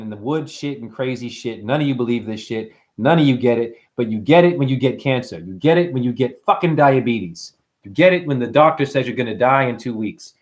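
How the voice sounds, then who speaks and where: A man lectures his livestream viewers in a heated, profanity-laced rant, preaching and addressing them directly. His voice is very animated, rising and falling sharply, while staying at an ordinary middle pitch. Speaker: numerology teacher and livestream host.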